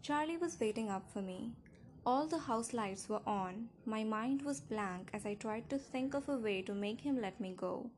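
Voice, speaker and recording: A woman narrating an audiobook in the first person, with a measured, steady reading. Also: on the high side, a little hiss or hum.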